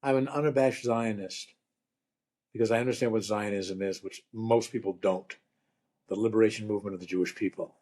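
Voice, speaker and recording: An older man, a rabbi turned comedian, telling stories and jokes in a relaxed, wry conversational way. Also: lowish voice, a little fast. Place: lives in Vermont.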